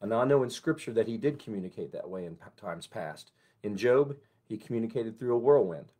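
A man who is a pastor, giving a conversational morning devotion and prayer in a gentle, unhurried way. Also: on the low side, lively intonation.

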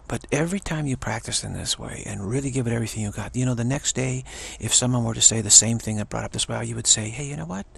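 A man with a rough, husky voice and a gravelly edge delivers a spiritual pep talk. He is earnest and halting, often restarting his phrases and repeating himself for emphasis. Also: medium pitch, a bit bright, no echo. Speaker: spiritual teacher.

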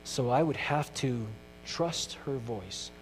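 A middle-aged male pastor preaching a sermon, earnest, moving from loud emphasis to hushed questions. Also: mid-range voice, animated, takes it slowly. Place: church sanctuary. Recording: distant mic in a reverberant church with mains hum.

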